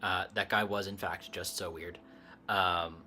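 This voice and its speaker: Bright-voiced man rambling through a story. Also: sits low, steady tone, measured pace, slight background noise. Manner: rambling, laughs often, many fillers. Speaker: livestream host. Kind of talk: casual storytelling chat.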